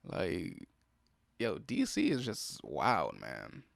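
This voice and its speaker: A man's voice: low voice, wildly swooping pitch, extremely slow, creaky, dry recording, studio quality. A young man, hosting a solo podcast and venting in an irritated, profane way about what upsets him. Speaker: podcast host. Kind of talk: solo casual podcast monologue. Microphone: close podcast mic.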